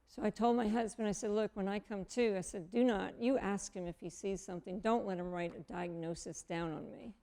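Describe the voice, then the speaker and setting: Woman in her 50s, guest, gravelly mellow voice, animated storyteller who acts out the dialogue. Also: mid-range voice, a little fast, hardly any pauses. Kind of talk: personal testimony storytelling.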